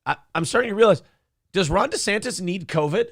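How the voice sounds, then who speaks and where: A man's voice: sits high, lively intonation, fairly quick, gravelly, fairly bright tone, no room sound, clean studio sound. A man co-hosting a morning talk show, chatting casually, joking, swearing and reading out viewer comments. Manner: loose, swearing, jokey, reads viewer comments aloud. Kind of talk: casual chat.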